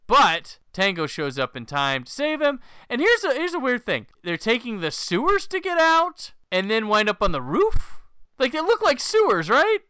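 A man with a bright, very clear voice recaps a movie on a podcast, his pitch jumping around animatedly. The sound is dry and a bit dull, like a lo-fi home podcast recording. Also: dry recording. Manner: lively, quick recapping with laughs. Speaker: podcast co-host.

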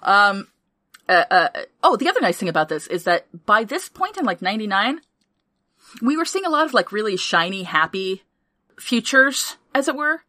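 Bright, profane woman podcast host. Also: mid-range voice, moderate pace, dry recording, clean studio sound. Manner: energetic, profane, laughs often. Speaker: podcast host reviewing a film. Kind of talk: casual chat.

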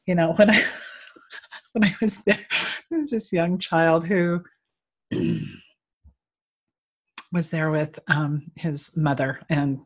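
An older woman telling stories in a casual conversation, animated and laughing often. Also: deep voice, slow pace, pauses often.

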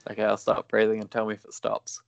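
A man talking as a guest on a casual panel chat, with a dry, deadpan humour. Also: on the low side, fast, gravelly, dry recording, lo-fi sound.

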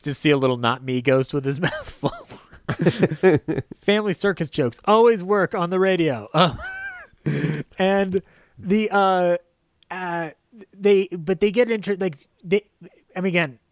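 A man co-hosting a casual film podcast, joking, laughing often and slipping into quick silly character voices. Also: high voice, no room sound. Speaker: podcast co-host.

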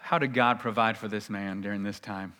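A man preaching a sermon in church, reading scripture aloud and acting out the people in it with lively energy. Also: on the low side, a little fast. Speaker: pastor. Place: church sanctuary. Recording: long reverb of a large hall.

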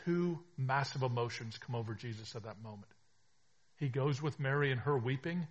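A pastor delivers a sermon, moving between hushed reflection and emphatic, rising declarations. His husky, mid-range voice keeps a normal speed.

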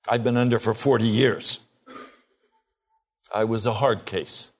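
A man's voice: steady tone, unhurried, slightly rough. A man in his sixties preaching a sermon, emphatic, acting out prayers in a rising voice. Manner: emphatic, acts out quoted prayers with rising pitch.

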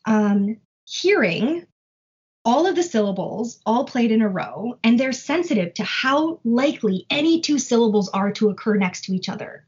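A woman researcher in language learning explains her field in a relaxed conversation, reaching for examples as she thinks aloud. Her voice sits a bit high and carries some breathiness. The audio is dull and lo-fi, recorded at home. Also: normal speed, breathy edge.

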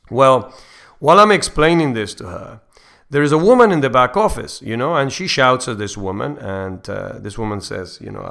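A middle-aged man hosts a faith podcast, earnestly recounting a personal story in a meandering way and frequently starting his sentences over. His voice is mid-range, fairly quick, and smooth with a fairly bright tone.

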